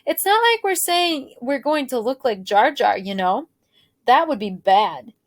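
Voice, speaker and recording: A woman's voice: a little high, sing-song, unhurried, no room sound. A woman reading aloud, voicing a friendly, joking male ear doctor who reassures a young patient.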